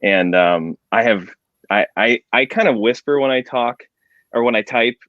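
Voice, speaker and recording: A man who writes, chatting on an online panel in a rambling, halting way. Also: mid-range voice, no room sound. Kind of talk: casual panel chat. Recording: dry muffled video call audio.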